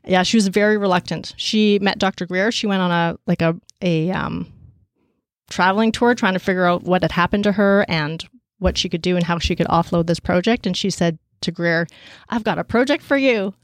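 A woman telling a story casually and with energy, with many fillers, and raising her pitch to act out the people she quotes. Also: a little fast, dry recording, clean studio sound. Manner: animated, acts out quoted voices at a higher pitch.

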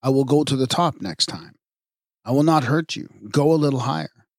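A man's voice: medium pitch, normal speed, no room sound, clean studio sound, close to an everyday voice. A man reading the part of a strong young male hero in a myth, speaking steadily and with command. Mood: calm.

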